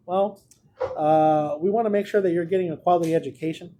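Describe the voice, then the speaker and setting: A man's voice: fairly high pitch, steady tone, fairly quick, warm tone. A man teaches a math lesson from a small room. He is chatty and joking and talks straight to his students. A faint hum of room noise sits behind him. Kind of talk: recorded classroom lesson.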